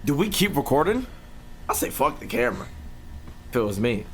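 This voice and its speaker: A man's voice: medium pitch, sing-song, a little fast, a bit bright, a little hiss or hum. A young man streaming a live reaction. He talks to his chat with plenty of profanity and yelps when something startles him.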